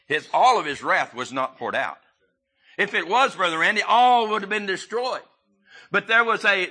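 A man preaching a sermon, halting and restarting often, then rising to stress his points. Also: high voice, pushed and bright.

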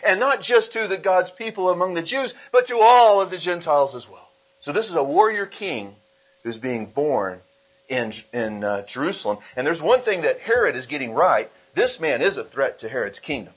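A man's voice: a little high, breathy edge. A man preaching a sermon as pastor, reading scripture aloud and explaining it, slipping into acted voices for the people in the story. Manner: animated, acts out quoted voices.

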